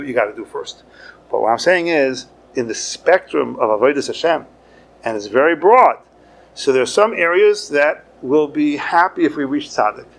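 Gravelly-voiced rabbi teaching a class. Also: male voice, medium pitch, a little hiss or hum. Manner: conversational teaching, lively with sudden emphasis. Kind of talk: Torah lecture.

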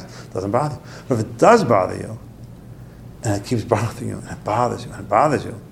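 Gravelly man teaching a Torah class. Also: darkish tone, a little hiss or hum. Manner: storytelling, acts out quotes with sudden high outbursts. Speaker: rabbi giving a class.

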